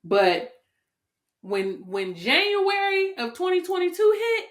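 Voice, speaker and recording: A woman's voice: very high voice, big pitch swings, takes it slowly. A woman hosting a podcast, talking candidly and bluntly, with frequent swearing and open emotion. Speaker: podcast host. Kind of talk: candid casual chat.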